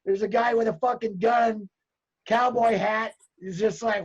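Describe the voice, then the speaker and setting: A man's voice: sits high, a little slow, husky, highs cut off. A man telling a story in casual, profane group chat, acting out the people he quotes. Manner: profane, animated, acts out quoted voices.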